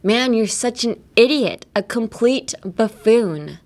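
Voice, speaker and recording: A woman's voice: fairly high pitch, expressive, very fast, voice pushed up. A woman reading the lines of an exasperated, bossy teenage girl from an anime, scolding in a reproachful way.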